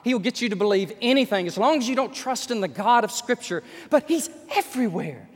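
A man's voice: high voice, quick pace. A man preaching an emphatic sermon full of rhetorical questions, in a large church hall. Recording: long hall reverb.

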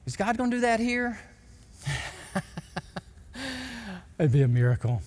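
A male pastor, preaching an emphatic, animated sermon in a church sanctuary. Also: sits high, takes it slowly. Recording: long hall reverb.

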